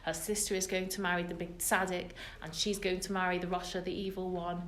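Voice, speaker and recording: A woman's voice: on the low side, flat delivery, brisk, a bit bright, a little hiss or hum. A British woman giving a women's Torah class, telling the story earnestly and with emphasis to a live group. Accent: British English. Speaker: religious teacher. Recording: echoey room.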